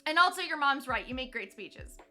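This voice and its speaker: Young woman streamer gushing at chat, high bright voice, laughs a lot, faint music behind. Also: lively intonation, a little fast. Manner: bubbly and gushing, laughs often. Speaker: live streamer. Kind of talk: casual live-stream chat with viewers.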